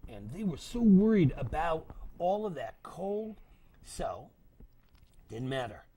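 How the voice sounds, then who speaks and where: An older man telling a story to children, dramatic and animated, dropping to whispers and acting out voices. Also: a little high, takes it slowly, breathy edge.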